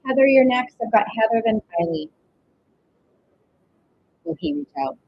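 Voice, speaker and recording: A woman doing a live-stream tarot reading, chatty, with breathy pauses and drawn-out exclamations. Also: on the high side, expressive, no room sound. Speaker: tarot reader. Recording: dull lo-fi stream audio with faint noise.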